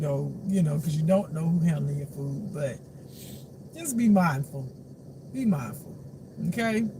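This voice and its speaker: Spiritual reader, male, high-pitched; animated, profane, laughs a lot while preaching to his audience. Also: noisy background. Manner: animated, laughs often, swears freely; preachy, addresses the audience directly. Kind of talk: casual spiritual talk.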